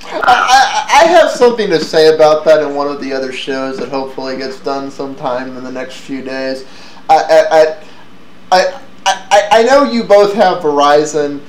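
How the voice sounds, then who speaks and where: A man's voice: a little high, moderate pace. A man hosting a casual tech chat, stumbling over restarts and laughing often. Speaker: podcast host. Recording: echoey room with faint noise.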